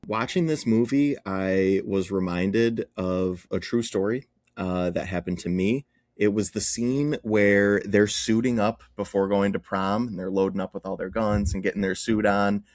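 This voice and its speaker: Young podcast guy, low voice, telling a story, dry close mic. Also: steady tone, unhurried, darkish tone, no room sound. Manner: storytelling, laughs easily. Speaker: podcast co-host. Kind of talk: casual chat.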